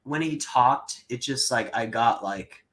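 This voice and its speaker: A man's voice: mid-range voice, measured pace, fairly bright tone, a little hiss or hum, poor audio. A young man co-hosting a casual podcast, talking loosely with many fillers. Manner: loose and rambling, lots of fillers. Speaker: co-host.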